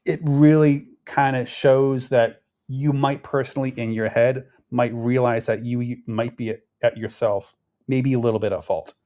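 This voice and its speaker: A man talks through local politics in a loose, conversational way. He rambles, trips over his words and circles back to finish his thoughts. His voice sits at an ordinary middle pitch. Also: steady tone, moderate pace, dark tone. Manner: rambling, conversational, frequent restarts and fillers. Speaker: political commentary host. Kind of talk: casual political commentary.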